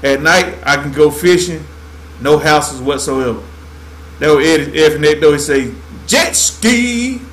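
A laid-back man from Georgia chats loosely on a fishing livestream, his voice sitting a little high for a man. He drawls along and keeps dropping "man" at the end of his sentences. A faint hiss of noise runs underneath. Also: steady tone, moderate pace. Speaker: fishing show host. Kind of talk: casual livestream chat.

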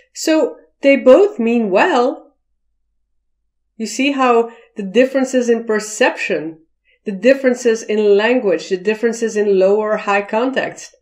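A woman explaining cultural communication in a video lesson, acting out example phrases as she goes. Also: on the high side. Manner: slow, deliberate explaining, acting out quoted voices. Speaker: cross-cultural communication teacher.

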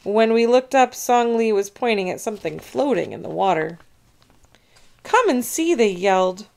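A woman's voice: medium pitch, moderate pace, creaky. Woman reading a children's chapter book aloud. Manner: expressive, animated storytelling. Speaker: storybook reader. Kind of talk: children's read-aloud narration.

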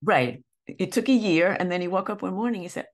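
An older woman, a therapist and teacher, telling stories in an interview in a lively way, with many restarts. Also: on the low side, a little fast. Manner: warm, animated anecdotes with many restarts. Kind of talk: conversational storytelling.

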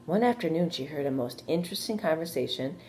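A woman teacher reading a storybook aloud to children, gently stopping to ask the young listeners questions. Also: deep voice, lively intonation, quick pace, slight background noise. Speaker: elementary school teacher.

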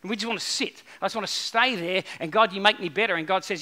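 A man preaching a sermon in an animated way, with repeated phrases and acted-out quotes. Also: high-pitched, fast talker, hardly any pauses. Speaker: pastor.

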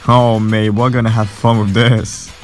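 A young man giving excitable, swearing, trash-talking commentary over his own gameplay. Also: on the low side, unhurried. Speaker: gaming video creator. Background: game music.

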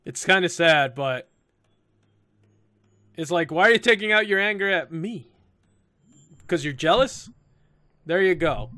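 A man's voice: high voice, lively intonation, measured pace, long pauses, bright, forceful tone, no room sound. A young man casually commenting as he plays through a game, reacting aloud. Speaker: gameplay YouTuber. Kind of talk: casual let's-play commentary.

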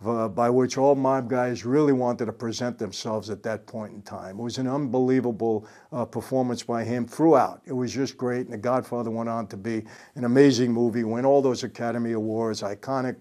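A man's voice: medium pitch, a little mellow. An older man in casual commentary, retelling a film scene in a conversational storytelling way and paraphrasing the lines. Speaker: host recounting a film scene.

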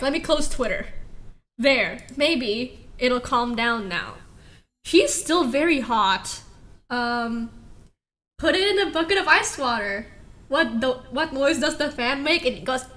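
A woman with a high, slightly bright voice chats casually while live-streaming a game. She rambles and giggles, laughing often as she plays.

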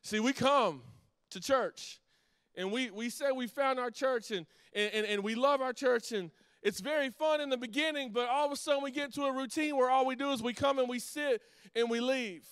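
Middle-aged guy pastor telling a sermon story, stumbles n restarts a lot, clean voice, pretty high. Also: moderate pace, clean tone, no echo. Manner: lively storytelling with many restarts and asides to the congregation.

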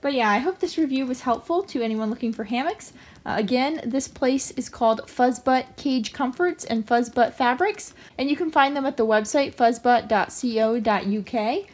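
A woman's voice: fairly high pitch, moderate pace, a little mellow. A woman hosting a pet channel, chatting casually through a product review with frequent filler sounds.

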